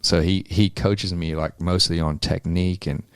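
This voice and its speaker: Guest voice: low gravelly man, rambling, swears freely, close and dry. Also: steady tone, normal speed, dry recording. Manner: laid-back, rambling, swears often, many ums. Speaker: amateur boxer, interview guest. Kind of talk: casual chat.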